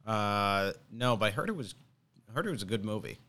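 A man's voice: fairly low pitch, lively intonation, fairly quick, pushed and bright, clear, resonant tone. A young man hosting a podcast, chatting casually and rambling with many fillers. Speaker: podcast host. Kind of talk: casual chat.

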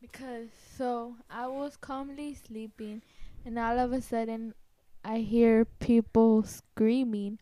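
A young woman joining her sister's vlog as a guest, soft-spoken and giving short replies. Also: fairly high pitch, steady tone, slow pace. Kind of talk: casual storytelling vlog.

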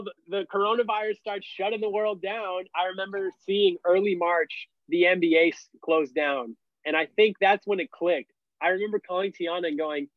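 A young man tells his story in a casual, rambling way, dropping "like" into nearly every sentence. His voice sits a little high for a man. The sound is dull and lo-fi, in a dry space with no room echo. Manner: animated, heavy use of "like" fillers. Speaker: podcast guest.

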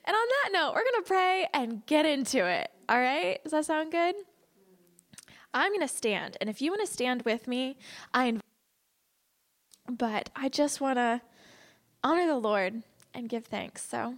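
A woman with a high, light voice leads a church class. She tells stories in an animated way, laughing often, and moves into heartfelt spoken prayer. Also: measured pace, long pauses. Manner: animated storytelling with frequent laughter. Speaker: class leader.

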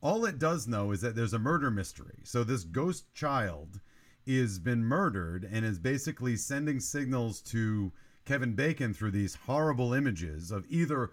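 A man on a film review podcast picks apart a movie in casual chat. His voice rises and falls a lot as he builds his argument in long run-on thoughts. He sits in the middle of the usual male pitch range. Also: lively intonation, normal speed. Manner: analytical, talks in long run-on critiques.

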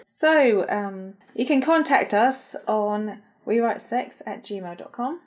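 A woman's voice: mid-range voice, lively intonation, slow, a little mellow. A woman co-hosting a podcast in casual chat, asking curious questions. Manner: curious, giggly. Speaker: podcast co-host.

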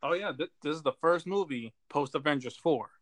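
A man's voice: on the high side, brisk, a bit bright, no room sound. A man co-hosting a casual movie chat, talking with enthusiasm and plenty of fillers. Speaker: podcast co-host.

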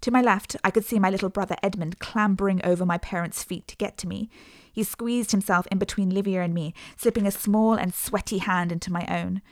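An audiobook narrator reading a first-person story in a measured, earnest voice. The sound is dry and close-miked, with no room echo. Her pitch is middling for a woman, neither high nor low. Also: fairly even intonation.

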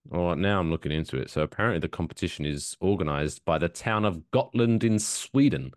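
A man's voice: low-pitched, fairly quick, no echo, clean studio sound. A man co-hosting a comedy podcast in casual chat, jokey and reading news stories aloud. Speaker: podcast co-host.

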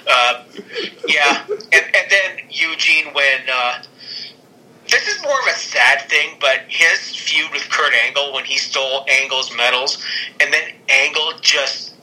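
A man co-hosting a casual podcast, talking in a halting way with stammers and restarts. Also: fairly high pitch, lively intonation, bright, forceful tone, poor audio. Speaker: podcast co-host. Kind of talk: casual chat.

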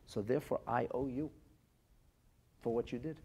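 A man's voice: medium pitch, fairly even intonation, moderate pace, pauses often, dark tone, breathy edge. A man teaching a Torah class as a rabbi, reading phrases from classic texts aloud and translating them into plain speech. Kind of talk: lively text-based Torah lesson.

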